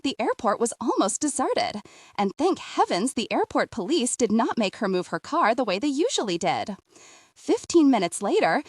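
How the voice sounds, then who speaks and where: A woman narrating an audiobook in an expressive storytelling way. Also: a little high, breathy edge, no room sound, studio quality.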